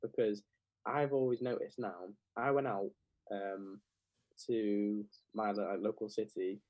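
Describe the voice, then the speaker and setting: A man's voice: fairly low pitch, steady tone, takes it slowly, no echo, highs cut off. A young man, chatting casually as a podcast guest and scattering "like" through his sentences. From England. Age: young adult. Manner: rambling, heavy with "like" fillers. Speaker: clothing brand founder, guest.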